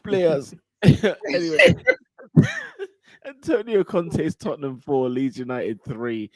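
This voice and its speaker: A man's voice: medium pitch, warm tone, no room sound. A man hosting a casual football podcast, laughing often as he runs through the scores. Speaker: podcast host.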